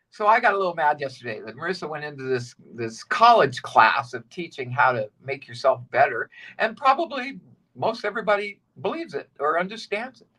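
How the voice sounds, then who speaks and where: A man co-hosting a casual spiritual talk, preachy and animated, who repeats short phrases for emphasis. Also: on the high side, fairly quick, far from the mic. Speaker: spiritual guide and co-host.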